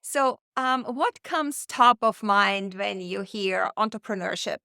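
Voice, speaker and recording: Woman podcast host, unhurried delivery, dry sound. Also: mid-range voice, gravelly, sharp tone, clear, resonant tone, dry recording. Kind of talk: conversational interview.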